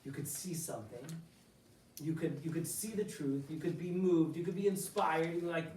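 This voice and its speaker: A man gives an informal Torah class, voice a touch higher than most, tossing out rhetorical questions and quoted Hebrew. He sounds set back from the mic in a roomy hall with a faint hum of ambience. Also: normal speed, recorded from a distance. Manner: animated, full of rhetorical questions and asides; mixes in quoted Hebrew phrases. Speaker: rabbi teaching a class. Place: synagogue hall.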